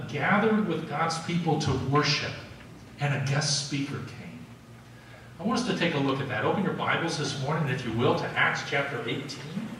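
A man preaching a sermon, telling it in a conversational, animated way with frequent restarts. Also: mid-range voice, slight background noise. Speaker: pastor. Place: large church sanctuary. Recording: echoey hall recording from far off.

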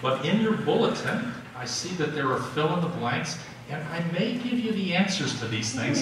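A man preaching a sermon, telling it in a conversational, animated way with frequent restarts. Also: mid-range voice, normal speed, hardly any pauses, very noisy. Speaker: pastor. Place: large church sanctuary. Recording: echoey hall recording from far off.

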